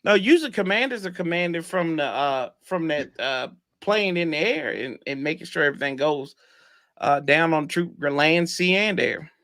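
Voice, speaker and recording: Lively, high-pitched man trash-talking football. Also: moderate pace. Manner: teasing, animated, pitch jumps when arguing. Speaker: sports podcast co-host. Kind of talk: casual sports debate.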